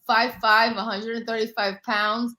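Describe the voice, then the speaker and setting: A woman's voice: a little high, flat delivery, a little slow, sharp tone, poor audio. A woman in her forties hosting a live panel, talking bluntly and confrontationally, with boastful self-assurance. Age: 40s. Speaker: panel host. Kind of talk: heated live panel talk.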